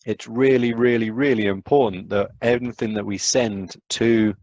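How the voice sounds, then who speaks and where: Man, lowish voice, eager science lecturer, rambling, video call, dry sound. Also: dry recording, dull audio. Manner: enthusiastic, fast, rambling with fillers. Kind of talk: live online science lecture.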